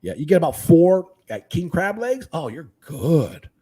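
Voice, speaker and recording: A man who is a guest fishkeeper, chatting casually in an interview with a laid-back, animated manner. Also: fairly high pitch, measured pace, breathy edge. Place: living in Northern California.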